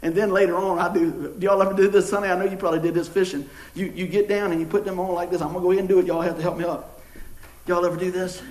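A middle-aged pastor, preaching a sermon with jokes and folksy storytelling. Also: male voice, sits high, racing. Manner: folksy, joking, animated storytelling. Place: church sanctuary. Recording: echoey church room.

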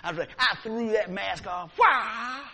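A man preaching a sermon, telling a story with lively, acted-out moments. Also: high voice, moderate pace, gravelly. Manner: animated storyteller, acts out scenes. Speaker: pastor.

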